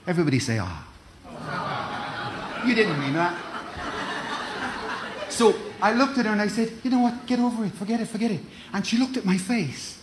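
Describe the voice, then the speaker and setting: High-voiced male preacher. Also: a bit bright, slight background noise. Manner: preaching with call-and-response, repeats words, stumbling restarts. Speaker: pastor. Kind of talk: sermon.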